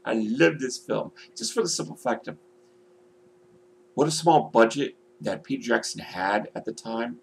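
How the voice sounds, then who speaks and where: A man's voice: medium pitch, normal speed, vocal fry, a little hiss or hum. A man vlogging casually, rambling and swearing, with many "you know" fillers. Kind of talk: casual video vlog.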